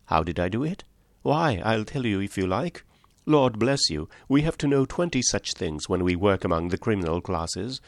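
A man's voice: on the low side, big pitch swings, moderate pace, no echo, clean studio sound. A man voicing a small, mild country priest in an audiobook, speaking simply and apologetically. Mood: calmly firm.

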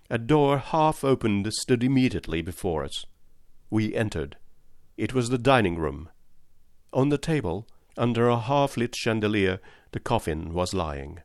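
A man narrating a classic detective story in a measured storytelling manner. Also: on the low side, no room sound, clean studio sound.

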